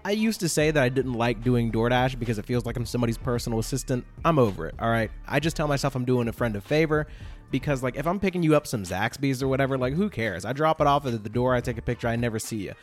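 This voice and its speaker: A man hosting a podcast, telling a casual story in a rambling, animated way, full of fillers and checks like "all right?". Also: medium pitch, fast talker, faint music behind. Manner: animated, exaggerated retelling. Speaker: podcast host.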